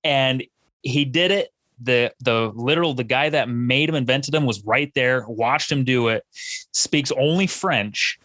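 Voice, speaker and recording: Male host, mid pitch, dry close sound, eager and rambling. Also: measured pace, fairly bright tone, dry recording. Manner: rambling, restarts, enthusiastic. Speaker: podcast host. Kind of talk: casual interview chat.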